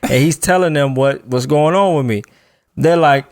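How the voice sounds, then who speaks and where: A man telling a story in casual chat, animated and laughing often, acting out the voices of the people in it. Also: fairly high pitch, normal speed, no room sound, studio quality.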